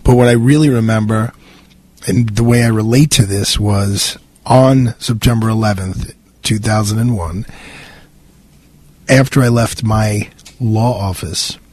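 A middle-aged man with a New York accent, hosting a radio show in a rambling, halting way, his voice raspy. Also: on the low side, darkish tone, no echo. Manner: rambling, halting, many fillers and restarts. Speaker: radio host. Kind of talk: casual radio monologue. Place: radio studio.

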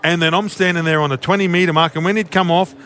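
A man's voice: fairly high pitch, quick pace. An Australian man, a former player turned commentator, talking bluntly in casual sports radio banter. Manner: blunt, animated, peppers talk with "mate". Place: radio studio.

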